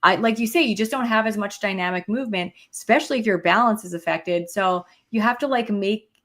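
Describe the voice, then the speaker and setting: A woman's voice: mid-range voice, brisk. A woman co-hosting a podcast over a video call, talking casually and animatedly with frequent fillers. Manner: animated, venting, uses filler "like" often. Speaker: podcast co-host. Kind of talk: casual chat.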